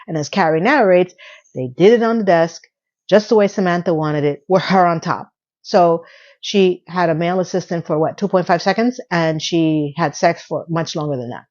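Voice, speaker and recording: A woman's voice: on the low side, moderate pace, darkish tone. A woman casually recapping a TV episode, briefly acting out the characters' lines as she goes. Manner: chatty, acts out quotes in passing. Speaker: recap host. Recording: dull lo-fi sound.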